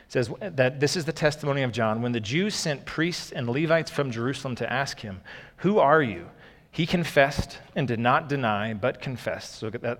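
A man gives a sermon in a relaxed, conversational way, stopping for asides and often repeating words. His voice sits at an ordinary middle pitch. It rings out with the long reverb of a church hall. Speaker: pastor.

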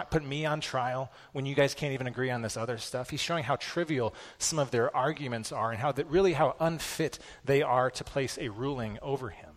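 A pastor giving a sermon in a casual, conversational way, with self-deprecating personal stories. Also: male voice, medium pitch, long reverb tail.

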